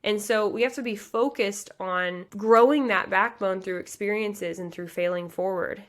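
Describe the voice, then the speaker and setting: A woman's voice: mid-range voice, moderate pace. A woman in her thirties from the American Midwest, a pageant coach hosting her own podcast, talking earnestly and passionately, with many casual fillers. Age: 30s. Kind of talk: motivational podcast monologue.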